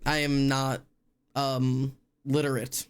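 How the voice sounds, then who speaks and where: A man's voice: medium pitch, completely flat delivery, takes it slowly, smooth. A young man with a Midwestern American accent who chats casually as a live streamer, rambling and correcting himself as he goes. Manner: rambling, self-correcting, chatty. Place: home streaming room.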